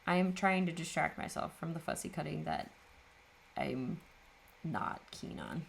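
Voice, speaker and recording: A woman's voice: deep voice, lively intonation, a little slow, vocal fry, pauses often, slight background noise. A woman hosting a papercraft video, chatting casually and tiredly as she works, often laughing at herself. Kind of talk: casual chat while crafting.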